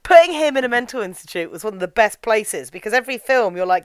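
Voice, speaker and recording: A woman's voice: a little high, lively intonation, brisk, few pauses, clear, resonant tone, dry recording. Chatty young woman, dry close sound. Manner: chatty, enthusiastic, lots of "like" fillers. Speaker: film reviewer. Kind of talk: casual film review chat.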